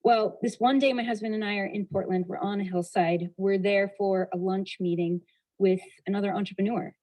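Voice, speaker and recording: A woman speaker sharing a personal story with an audience. Her voice sits at a middle pitch. She shifts pace and loudness freely as she tells it, and she laughs at herself along the way. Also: fairly even intonation, a little fast, rough recording. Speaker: motivational speaker.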